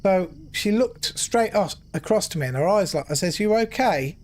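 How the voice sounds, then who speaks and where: A middle-aged man streaming a game, telling an emotional story in an earnest, animated way. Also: sits high, moderate pace. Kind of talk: casual storytelling while gaming.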